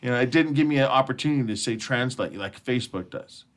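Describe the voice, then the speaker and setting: A male radio host in loose banter with his crew, his voice sitting at an ordinary, middling pitch. He rambles through stories with stops and restarts, cracks himself up, and swears without a second thought. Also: quick pace. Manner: laughing, rambling, swearing freely. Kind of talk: casual chat.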